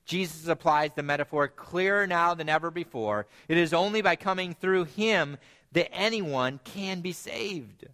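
A man preaching a sermon, earnest, climbing to emphatic peaks and then dropping low and quiet. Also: measured pace.

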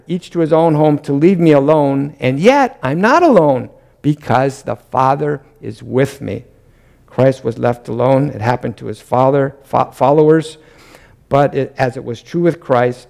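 A man's voice: on the high side, vocal fry, darkish tone. A middle-aged man, a pastor, preaching an earnest sermon, often lifting his voice on emphatic questions.

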